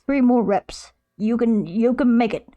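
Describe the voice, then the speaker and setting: A woman voicing a gruff male pirate fitness coach with a peg leg, in a slow, growling sea-dog drawl that threatens the plank. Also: fairly high pitch, highs cut off, lightly acted. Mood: bossy.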